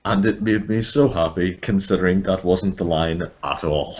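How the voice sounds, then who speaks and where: A man's voice: deep voice, normal speed, darkish tone. A man with an Irish accent chatting casually, telling profane, wry stories about his voice work. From Ireland. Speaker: podcast guest, voice actor. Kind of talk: casual chat. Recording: dull lo-fi call audio.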